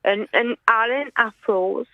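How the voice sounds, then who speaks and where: A woman's voice: fairly high pitch, unhurried, no room sound. Frightened woman on a tinny phone line. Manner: rambling, anxious, pleading. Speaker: caller. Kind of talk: phone-in call.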